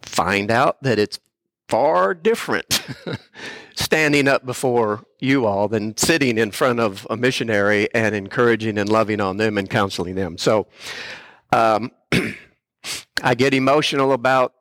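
Older man, sermon, slow unhurried delivery, earnest, clears throat often, dry close sound. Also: fairly low pitch, a bit bright, no echo. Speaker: guest speaker, missionary pastor. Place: church.

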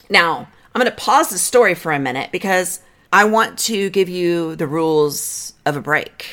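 Middle-aged woman, marriage therapist, lowish and animated, direct coaching podcast delivery. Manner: direct, coaching, guides breathing counts. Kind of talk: podcast advice talk.

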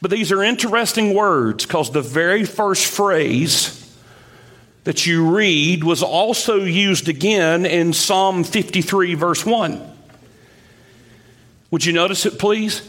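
A male pastor delivering a sermon, his voice sitting high for a man. He moves through scripture at an unhurried, measured pace and builds emphasis as he explains each verse. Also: sing-song, a bit bright. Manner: slow, deliberate Bible exposition with rising emphasis.

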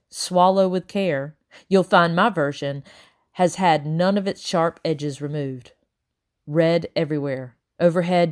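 A woman reading a children's novel aloud in a measured, expressive way. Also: lowish voice. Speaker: audiobook reader.

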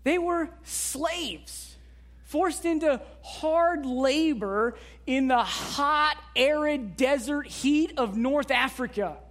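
A woman's voice: high voice, slow. A woman pastor giving a sermon in a conversational way, with frequent rhetorical asides to the congregation.

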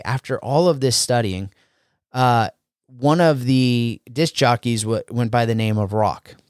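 A man hosting a podcast, telling a motivational story in an earnest, halting way. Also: medium pitch, clean tone, no room sound, clean studio sound. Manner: earnest, with frequent fillers and restarts. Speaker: podcast host. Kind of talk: motivational solo talk.

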